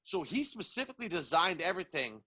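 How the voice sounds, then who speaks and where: A young man co-hosting a podcast, talking in an animated, excitable way and swearing casually. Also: high-pitched, quick pace. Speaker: podcast co-host. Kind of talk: casual chat.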